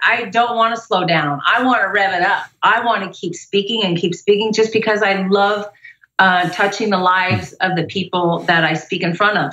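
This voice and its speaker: A woman's voice: mid-range voice, a bit bright, roomy sound, muffled recording. A middle-aged woman, a motivational speaker, telling an upbeat personal story in a casual interview.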